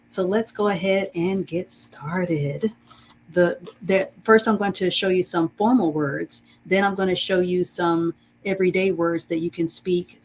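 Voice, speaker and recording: A woman teaching a live-streamed reading class, greeting viewers and sounding out words slowly and carefully. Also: fairly low pitch, slight background noise, rough recording. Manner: slow, warm and encouraging, greets chat viewers; drawn-out careful pronunciation of words.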